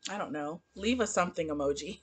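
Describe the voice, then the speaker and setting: A woman's voice: on the low side, brisk, slightly rough. A woman reviewing a TV episode in a casual vlog, chatty and exasperated, laughing often. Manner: animated, laughing, exasperated asides. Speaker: TV show reviewer.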